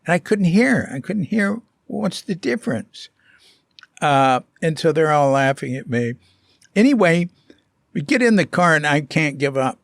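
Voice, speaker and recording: A man vlogging about his life abroad, telling a casual story in a rambling, halting way full of fillers and restarts. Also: on the high side, sing-song, gravelly, no echo.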